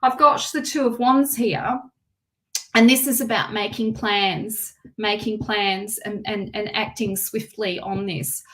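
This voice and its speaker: A woman's voice: medium pitch, steady tone, unhurried, fairly bright tone. A woman giving a live-stream tarot card reading. She repeats her phrases and reads viewer comments aloud. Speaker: tarot reader.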